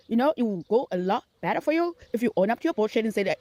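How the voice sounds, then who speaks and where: A woman's voice: a little high, animated, very fast, warm tone, dry recording. A woman from outside the United States, scolding another streamer sarcastically and profanely in a call-out video.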